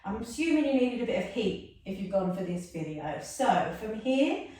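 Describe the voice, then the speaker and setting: A woman's voice: medium pitch, sing-song, moderate pace, warm tone. A woman guiding a yoga class, soothing and chatty, with self-mocking asides. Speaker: yoga instructor. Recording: echoey room, mic far off.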